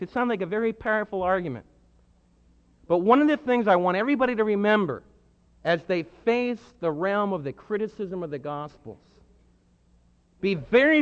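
Man preaching, high voice, emphatic, hushed then loud, long hall echo, muffled sound. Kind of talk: sermon.

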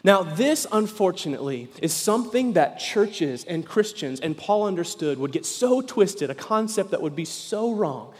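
Male pastor, high voice, lively preacher who acts out voices, church hall with long reverb. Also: normal speed, few pauses, slightly rough. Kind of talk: sermon. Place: church sanctuary.

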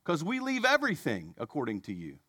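A man preaching a sermon, telling a story in a conversational, animated way with self-deprecating asides. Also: on the high side, fairly quick, dry recording, studio quality.

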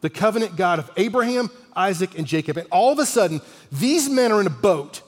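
A man in his forties preaching a sermon, an animated storyteller who sometimes drops almost to a whisper for emphasis. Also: sits high, a little fast, big-room sound. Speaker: pastor.

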